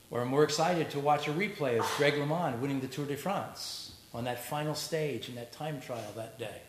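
Man preaching in an echoey church. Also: medium pitch. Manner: conversational, joking asides to the congregation. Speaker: pastor. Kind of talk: sermon. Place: church sanctuary. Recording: echoey church recording with faint noise.

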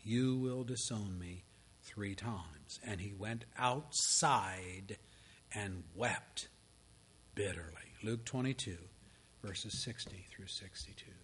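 A man, a pastor, preaching a sermon with dramatic storytelling delivery that swings between hushed tones and strong proclamation. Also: lowish voice, takes it slowly, slightly rough.

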